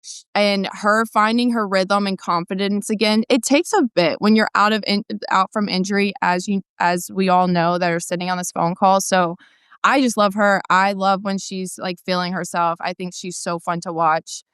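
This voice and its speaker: Smooth-voiced woman, slangy and excited. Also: medium pitch, normal speed, no echo, studio quality. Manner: enthusiastic, slangy, swears freely. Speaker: guest soccer correspondent. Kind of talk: casual chat.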